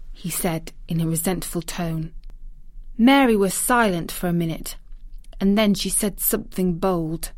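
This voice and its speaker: A woman's voice: fairly low pitch, a little slow, no echo, studio quality. A woman narrating a classic children's novel aloud, reading carefully for language learners. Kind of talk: slow storybook reading for learners.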